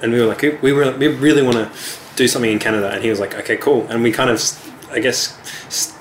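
A man's voice: medium pitch, fairly even intonation, fast talker, a little hiss or hum. A man with an Australian accent, a touring musician who answers interview questions in an easygoing, modest way. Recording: roomy echo with faint ambience.

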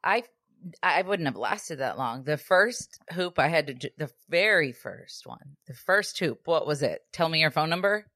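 Low-voiced woman in a dry recording. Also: animated, measured pace, fairly bright tone, dry recording. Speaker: podcast co-host. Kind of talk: casual chat.

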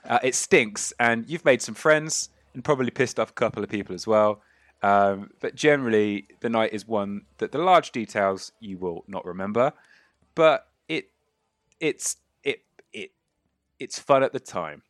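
A man's voice: lowish voice, expressive, normal speed, fairly bright tone, dry recording, clean studio sound. A man narrating a tabletop game as game master, rambling with many fillers and restarts.

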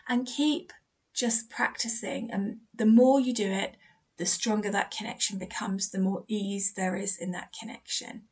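A woman's voice: medium pitch, steady tone, a little slow, darkish tone, slightly rough. A woman hosting a spiritual advice podcast as a medium, chatty and encouraging, acting out quoted dialogue in her stories.

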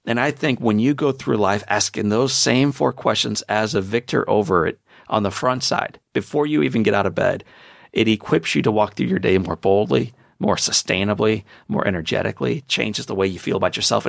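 A man in his forties speaks as a podcast guest, driving each point home with emphatic, preacher-like energy. His voice sits a little low and has a gravelly edge. The sound is dry and close. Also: brisk, dry recording. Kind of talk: motivational storytelling.

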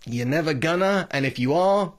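A man's voice: a little high, animated, normal speed. A British man hosting a podcast, talking in a chatty, digressive, opinionated way. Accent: British English. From Britain. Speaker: podcast host. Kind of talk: casual podcast monologue.

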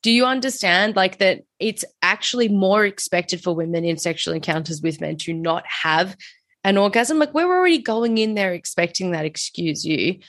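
A woman's voice: medium pitch, lively intonation, moderate pace, fairly bright tone, no echo. A woman hosting an interview, asking questions and reacting with emphatic indignation. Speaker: podcast host. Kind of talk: casual interview conversation.

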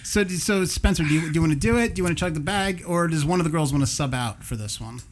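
Loose, halting male game host. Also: a little high. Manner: loose, halting, full of fillers, explains rules. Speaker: host running a party game. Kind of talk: live game-show hosting.

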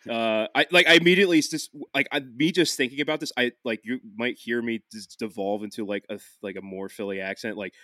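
A man from the Philadelphia area telling stories on a podcast, animated, laughing often and restarting his sentences. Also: medium pitch, fast, few pauses, no echo, studio quality. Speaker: podcast host. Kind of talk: casual podcast chat.

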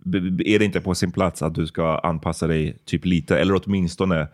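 A man whose first language is Swedish, hosting a podcast in relaxed, casual chat, thinking aloud with many fillers. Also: low-pitched, a little fast. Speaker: podcast host.

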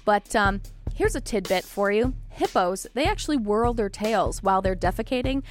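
A woman's voice: mid-range voice, expressive, moderate pace, faint music behind. A woman hosting a casual news podcast, reading the stories with wry, joking asides. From Canada. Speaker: podcast host.

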